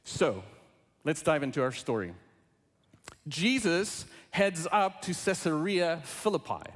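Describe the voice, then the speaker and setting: A male pastor delivers his sermon in a large sanctuary, his voice carrying a long hall echo. He speaks with a high, animated pitch that swings widely and keeps an unhurried pace, and he brings the congregation into the talk in a playful way. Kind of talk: sermon with scripture reading.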